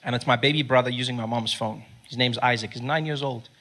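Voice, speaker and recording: A man's voice: mid-range voice, steady tone, quick pace, pushed and bright. A man telling a story in stand-up style, animatedly switching into voices for other people. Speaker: stand-up comedian.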